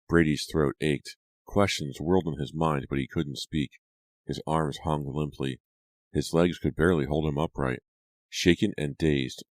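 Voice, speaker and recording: An audiobook narrator with an extremely low voice delivers horror narration in a steady, dramatic manner. The recording is dry and close, with no room sound.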